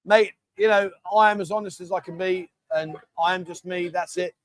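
A middle-aged man hosts a casual livestream, chatting and reading viewer comments aloud in a matey way, often calling people mate. His voice is high-pitched with a steady tone at a moderate pace, in a dry recording.

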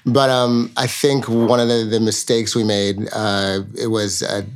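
A middle-aged man from New York, a record label co-founder, chatting as an interview guest with quick restarts and fillers. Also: fairly low pitch, level tone. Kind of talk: casual interview chat.

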